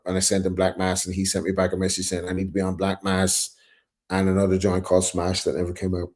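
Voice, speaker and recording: Irish guy, low mellow voice, telling stories. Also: fast talker. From Ireland. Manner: animated storyteller, acts out quotes, swears freely. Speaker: guest rapper. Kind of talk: casual storytelling.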